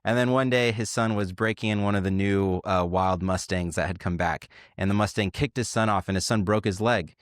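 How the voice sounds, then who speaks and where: A man co-hosting a podcast in casual chat, thoughtfully telling parables and trailing off quietly at the ends of lines. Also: lowish voice, steady tone, brisk, hardly any pauses, dry recording, studio quality. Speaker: podcast co-host.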